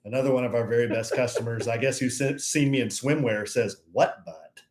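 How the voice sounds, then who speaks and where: A man's voice: mid-range voice, quick pace, echoey room. A man co-hosting a live stream, chatting casually and acting out the other people in his story. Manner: animated storyteller, acts out other people's lines. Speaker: co-host.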